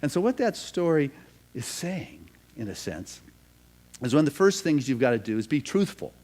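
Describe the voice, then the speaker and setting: A male pastor telling a story in a sermon, animated and building to loud emphasis. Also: medium pitch, moderate pace.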